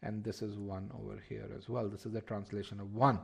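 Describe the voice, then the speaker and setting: A man's voice: lowish voice, flat delivery, brisk, gravelly, husky. A man teaching a live online test-prep lesson, explaining step by step, often repeating words and asking the class to check they follow.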